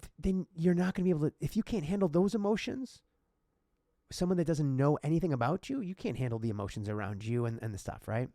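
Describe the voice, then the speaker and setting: A man's voice: a little high, animated, fast, mellow, dry recording, studio quality. A man hosting a casual podcast, telling a personal story in a heartfelt, emotional way. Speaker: podcast host.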